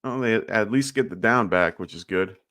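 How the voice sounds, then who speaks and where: He speaks at a moderate pace in a lowish voice with a sharp tone, and there's no echo. As host of a live fantasy football Q&A, he rambles chattily with many fillers. He has a slight lisp and sounds tired after little sleep.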